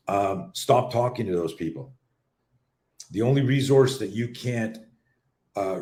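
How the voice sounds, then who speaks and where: A man's voice: lowish voice, reverberant. A middle-aged man from Canada, a self-defense coach hosting a live talk show, telling rambling stories and swearing casually. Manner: animated, swearing, rambling storyteller. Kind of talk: casual live-stream storytelling. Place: home office.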